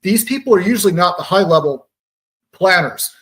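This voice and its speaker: A man's voice: high voice, animated, moderate pace, a bit bright. Man explaining propaganda with pop analogies. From Georgia, US. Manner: analytical, uses pop-culture analogies. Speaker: radio show guest. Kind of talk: conversational explaining.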